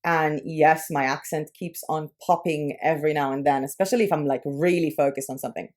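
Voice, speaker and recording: A woman's voice: sits low, fairly even intonation, fairly quick, darkish tone. A young woman from Israel speaking English with a light, Americanized Israeli accent, chatting casually in a personal vlog with frequent filler words. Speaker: YouTube creator.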